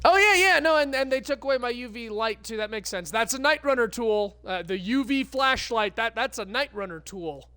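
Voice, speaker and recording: A woman's voice: a little high, lively intonation, normal speed, hardly any pauses, a bit bright, clean tone, no echo. A woman streamer giving live gameplay commentary, ranting with lots of swearing and stammered restarts. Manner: profane, exasperated ranting.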